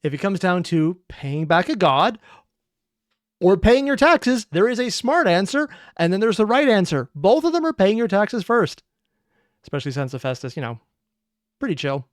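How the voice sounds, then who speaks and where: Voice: medium pitch, big pitch swings, normal speed, dry recording, clean studio sound. A reaction video host giving casual, rambling, amused commentary.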